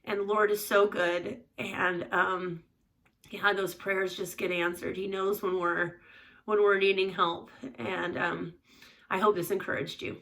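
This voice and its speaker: A woman's voice: medium pitch, level tone, unhurried, creaky, fairly bright tone, recorded from a distance. A middle-aged woman, a mother, telling a personal story in a chatty, rambling way, acting out the voices in her quotes.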